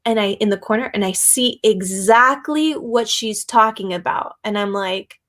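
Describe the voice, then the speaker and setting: A woman's voice: medium pitch, moderate pace, few pauses, a bit bright. A woman guest, a psychic and shamanic yoga instructor, talking casually in a chatty storytelling way with frequent laughter and fillers. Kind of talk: casual conversation.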